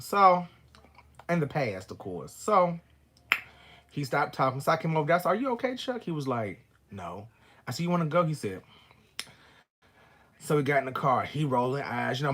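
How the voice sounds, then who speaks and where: Man, casual storytelling, animated and profane, wide swings in pitch, husky voice. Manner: animated, profane, acts out both sides of an argument. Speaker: vlogger telling a personal story.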